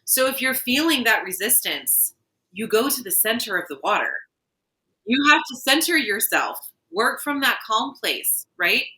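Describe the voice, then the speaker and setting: A woman's voice: a little high, big pitch swings, normal speed, sharp tone, low-quality recording. A woman co-hosting a podcast, talking earnestly in a casual spiritual chat and telling a vivid story. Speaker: podcast co-host.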